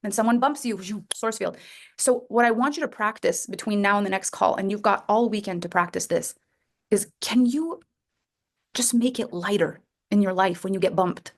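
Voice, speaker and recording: A woman coaching members of her program on a group call, talking in a lively, playful way and acting out little scenes. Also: medium pitch, normal speed. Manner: lively, playful, acts out voices. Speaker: coach leading a women's program.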